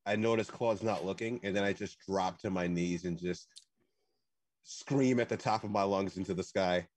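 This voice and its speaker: A man's voice: low-pitched, normal speed, no room sound. Rambling man describing his character's actions. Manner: rambling, lots of "like" and "just", animated retelling of his actions. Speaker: tabletop game player. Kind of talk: casual play narration.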